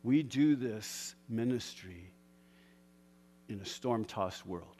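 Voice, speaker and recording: A man preaching a sermon, moving between quiet personal reflection and loud, fervent storytelling with bursts of laughter. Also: on the low side, expressive, slow, slightly rough, big-room sound. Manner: builds from soft reflection to shouted fervor, with laughs.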